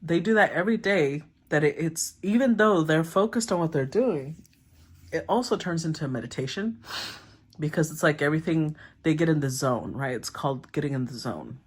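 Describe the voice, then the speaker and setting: A tarot reader gives a casual reading in a deep, expressive voice at a moderate pace, thinking aloud as she goes. She often clears her throat and murmurs while naming the cards.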